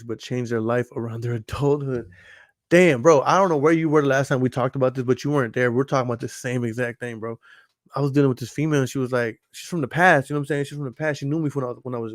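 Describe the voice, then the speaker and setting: A man's voice: medium pitch, quick pace, no echo, studio quality. A man hosts a podcast in casual chat, rambling and swearing a lot and often asking whether you follow him. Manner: profane, rambling, keeps asking "you know what I'm saying". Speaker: podcast host.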